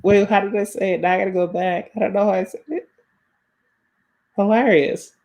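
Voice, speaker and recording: A woman's voice: mid-range voice, little pitch movement, very fast, darkish tone. A woman co-hosting a casual online chat show, playful and self-conscious, laughing often. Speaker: podcast co-host.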